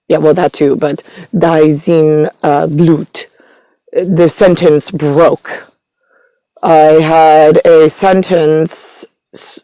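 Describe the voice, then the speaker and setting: A woman's voice: low voice, gravelly, mellow, no echo. A woman talking in a disjointed, meandering monologue, full of fillers and stray foreign words. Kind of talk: rambling monologue.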